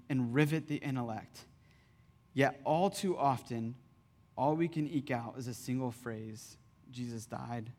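A man in his thirties preaching a sermon as pastor, conversational and animated in his storytelling. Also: mid-range voice. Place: church hall. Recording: reverberant church hall.

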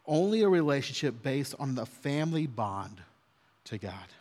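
A man's voice: medium pitch, big pitch swings, moderate pace, darkish tone. A man in his thirties preaching an earnest, conversational sermon as a pastor. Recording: long hall reverb.

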